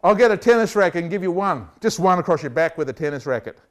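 A man preaching a lively sermon, joking and acting out voices and scenes for the congregation. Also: high-pitched, fast. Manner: animated, jokey, acts out voices.

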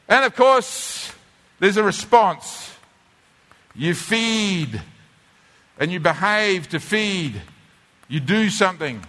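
The long reverb of a church hall surrounds a man's high, sharp voice. Working from a drawing board, he gives a conversational teaching sermon, repeatedly doubling back to restart or repeat words.

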